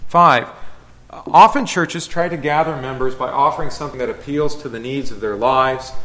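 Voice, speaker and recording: A man's voice: medium pitch, fairly bright tone. A man leading a Bible study as a pastor, teaching conversationally, asking the group questions and correcting himself as he goes. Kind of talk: casual Bible class teaching.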